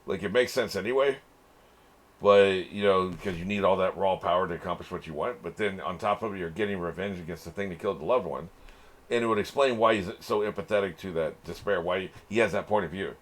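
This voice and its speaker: A man hosting an anime reaction channel, thinking out loud in casual commentary, swearing freely and chuckling often. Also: sits low, brisk.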